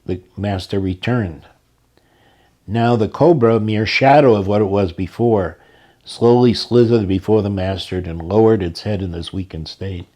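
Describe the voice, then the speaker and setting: Low, mellow male storyteller. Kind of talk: spoken story narration.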